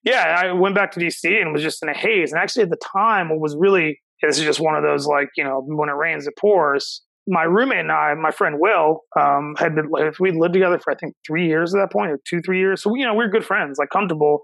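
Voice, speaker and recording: A man in his thirties from Ohio, a chef guesting on a podcast, telling a personal story in a reflective, halting way with many restarts. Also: on the high side, gravelly, fairly bright tone, no room sound, low-quality recording. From Cincinnati, Ohio, USA. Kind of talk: casual interview storytelling.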